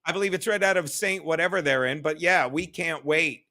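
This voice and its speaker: A man's voice: fairly high pitch, fairly quick, bright, forceful tone. A man hosting a casual livestream chat, loose and profane, reading viewer comments aloud. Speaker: livestream podcast host.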